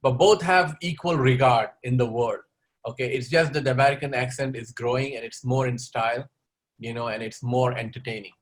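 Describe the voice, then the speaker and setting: Briskly and in a steady, mid-range tone, a webinar speaker takes audience questions and offers advice on learning English. He tends to tack "okay?" onto the end of his points.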